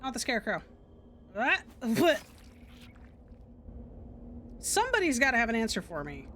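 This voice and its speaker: A woman streamer chatting dryly and sarcastically as she plays through a game. Her voice sits high, and there is a faint hiss behind it. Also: big pitch swings, brisk, pauses often, a bit bright. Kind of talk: casual gaming commentary.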